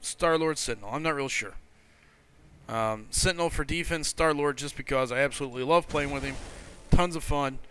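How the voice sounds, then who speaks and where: A man's voice: on the high side, moderate pace, sharp tone, a little hiss or hum. A man hosting a gaming livestream in casual chat, greeting viewers and reading their messages aloud in a loose, rambling way. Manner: loose and rambling, with frequent fillers and self-corrections.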